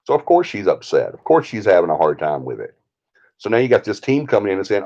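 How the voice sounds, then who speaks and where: A man's voice: on the low side, sing-song, fast, a little mellow, lo-fi sound. A man with a Southern US accent hosting a live stream, ranting in a heated, indignant way. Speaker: paranormal team leader, stream host.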